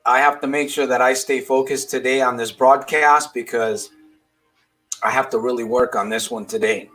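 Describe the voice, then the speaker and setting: A man's voice: medium pitch, fairly even intonation, moderate pace, a bit bright, faint music behind. Rambling male life coach live on air. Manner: rambling, repeats questions to the audience, frequent restarts. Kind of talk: casual motivational livestream talk.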